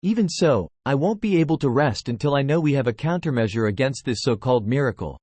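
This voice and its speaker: A computer-generated male voice reading the lines of a calm, measured elderly man from a fantasy novel. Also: mid-range voice, no room sound, natural voice. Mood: stern. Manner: calm and measured, turning stern.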